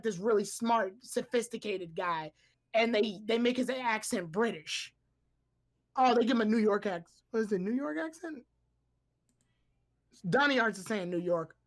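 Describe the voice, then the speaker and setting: A woman co-hosting a podcast in casual chat, rambling along with lots of filler words and restarts. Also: a little high. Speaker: podcast co-host.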